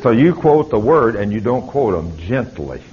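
A man's voice: mid-range voice, big pitch swings, moderate pace. An older man preaching a fervent sermon, his voice climbing as he exhorts. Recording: slightly dull lo-fi recording.

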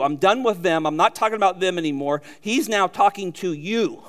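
A man preaching a sermon as a pastor, emphatic, addressing listeners directly with rhetorical questions and building to loud peaks. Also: sits high, unhurried, pauses often.

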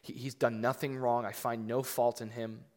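A man's voice: mid-range voice, level tone, normal speed. A man preaching a sermon, conversational but emphatic, acting out scripture readings with rising intensity. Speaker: pastor. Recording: long reverb of a large hall.

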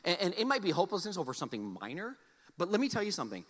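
A man preaching a sermon, telling a personal story with animated, loud exclamations and soft, earnest appeals. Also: high voice, very fast. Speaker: pastor. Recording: long hall reverb.

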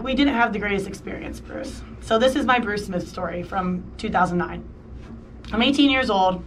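A woman's voice: medium pitch, far from the mic, slight background noise. A woman in her thirties co-hosting a casual chat, telling a story with lots of "like" and acting out the voices of the people in it. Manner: animated, acts out quoted voices, lots of "like". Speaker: podcast co-host.

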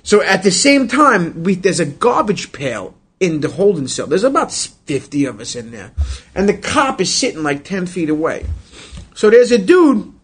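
Husky, animated New York storyteller man. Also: high voice, normal speed. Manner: animated storyteller, swears often, acts out voices. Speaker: podcast host. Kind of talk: casual storytelling chat.

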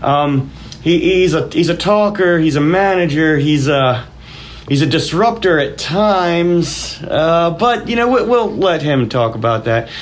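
A man's voice: a little high, lively intonation, a little slow. Rambling, good-natured male podcast host. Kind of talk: casual podcast chat.

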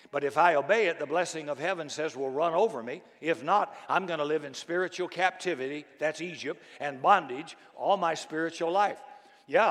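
A male pastor preaching a sermon, swinging from quiet, low asides to loud, shouted declarations. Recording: long hall reverb.

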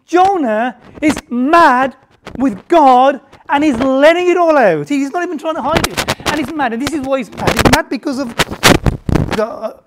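Emphatic male preacher over heavy noise. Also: very high-pitched. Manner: emphatic, conversational, pauses for effect. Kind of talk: sermon. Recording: loud background noise.

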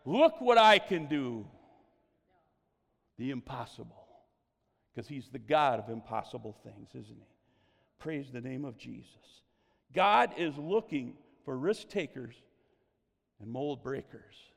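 A man preaching a sermon, telling stories with animated exclamations of praise. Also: medium pitch, measured pace, gravelly, in a large hall.

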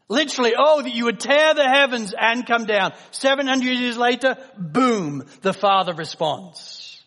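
A middle-aged man preaching a sermon, swinging from loud proclaiming to a hushed, tender near-whisper. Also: very high voice, animated, normal speed, few pauses, big-room sound.

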